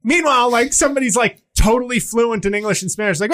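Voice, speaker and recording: A middle-aged man hosts a casual comedy podcast in a notably high voice. He talks in an animated way and drops into quick put-on voices when he quotes people. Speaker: podcast host.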